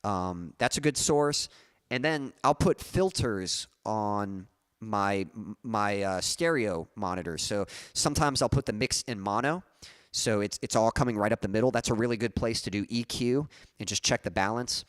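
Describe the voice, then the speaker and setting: This music livestream host speaks in a smooth voice on the low side, animated and at a moderate pace. He chats casually, reading viewer comments aloud and answering them, often rambling with fillers and restarting sentences. The recording is dry and clean, studio quality.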